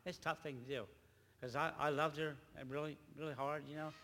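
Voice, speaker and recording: An older man, a grandfather, preaching a rambling church testimony with halting, repeated words. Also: fairly high pitch, little pitch movement, sharp tone, long reverb tail. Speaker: lay preacher.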